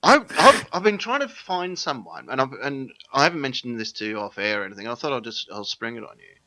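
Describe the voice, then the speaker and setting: A man's voice: medium pitch, big pitch swings, a little fast, pushed and bright. A man with an Australian accent hosting a casual interview, enthusiastic and laughing often. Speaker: podcast host.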